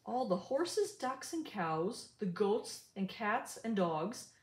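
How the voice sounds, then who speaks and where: An older woman reading a rhyming picture book aloud in an animated, sing-song way. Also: medium pitch, takes it slowly, reverberant. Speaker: storybook reader.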